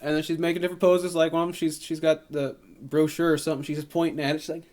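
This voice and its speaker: A man's voice: a little high, little pitch movement, rapid-fire, a little mellow. Rambling man recapping a movie. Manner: rambling, acts out movie scenes in silly put-on voices. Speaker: podcast co-host. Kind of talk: casual movie recap chat.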